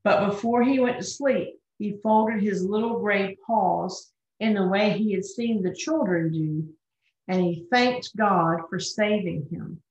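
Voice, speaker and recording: Slow, gentle woman reading a children's story. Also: medium pitch. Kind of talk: children's story read aloud. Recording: roomy, dull lo-fi recording.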